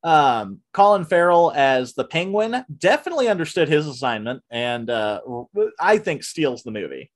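A man hosting a casual podcast, reviewing a film with lots of fillers and restarts, and breaking into animated rants. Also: on the high side, normal speed, hardly any pauses. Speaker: podcast host. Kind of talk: casual movie review chat.

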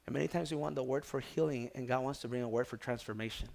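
A man preaching a sermon, moving from hushed prayerful tones to loud exhortation and calling out to his congregation. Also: a little high, fast talker, vocal fry. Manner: calls out to the congregation for response. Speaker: pastor.

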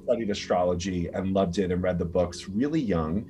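A man, an astrologer guest, talking casually and profanely in quick animated bursts from a bedroom over a call. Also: low voice. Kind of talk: casual podcast chat. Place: grandmother's house bedroom.

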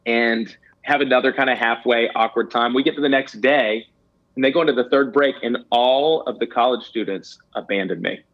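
The lo-fi clip features a man of medium pitch speaking at an even pace as a guest in an interview. Telling the story of his ministry, he sounds sincere and self-deprecating, occasionally stammering and starting over.

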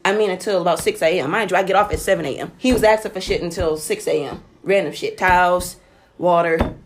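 A woman's voice: fairly low pitch, fast talker. A young woman who works the night desk at a hotel, telling a story in casual, profane chat and acting out quotes with bursts of laughter. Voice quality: profane, animated retelling with acted quotes and laughter. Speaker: night-shift hotel front desk worker.

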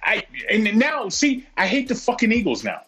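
A man's voice: high-pitched, wildly swooping pitch, moderate pace, pushed and bright, low-quality recording. A man chatting on a podcast, ranting heatedly and swearing constantly. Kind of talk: profane casual chat.

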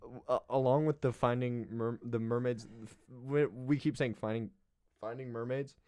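A man's voice: medium pitch, fairly even intonation, normal speed, darkish tone, clear, resonant tone, dry recording. A young man chatting casually on a podcast, playful and laughing often, slipping into jokey put-on southern accents. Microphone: close studio mic.

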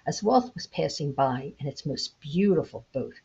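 Husky-voiced woman in her sixties hosting a podcast. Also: low voice, expressive. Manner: gentle, unhurried reading of a parable. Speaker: podcast host. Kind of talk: reflective storytelling podcast. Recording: dull lo-fi home recording.

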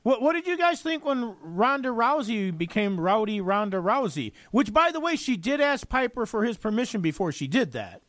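A man's voice: high-pitched, sing-song, moderate pace, hardly any pauses, fairly bright tone, no echo. A man chatting as a radio co-host, adding comments to the conversation.

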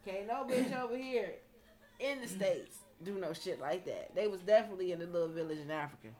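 A woman in a casual podcast chat, telling stories excitedly with profane slang. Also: fairly low pitch, brisk.

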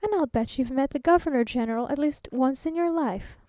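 A woman's voice: high-pitched, a little fast, mellow, no echo, lightly acted. A woman doing a gracious young lady.

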